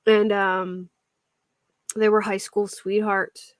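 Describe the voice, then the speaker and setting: This young woman speaks slowly in a mid-range voice with little pitch movement while running a relaxed true-crime live stream. She chats with and answers viewers through a desk mic at her computer, and the sound is dry.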